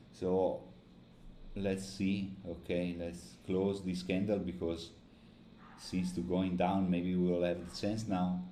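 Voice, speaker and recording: A man's voice: sits low, warm tone. A tired, frustrated man giving live market commentary on a trading stream. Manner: frustrated, complaining. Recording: echoey room, faint noise.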